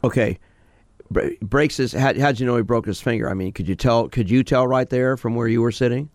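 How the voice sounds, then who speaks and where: A man's voice: mid-range voice, fairly even intonation, fairly quick, a little mellow, no echo. A man hosting a call-in radio show as a sport psychologist, direct and questioning as he gives advice.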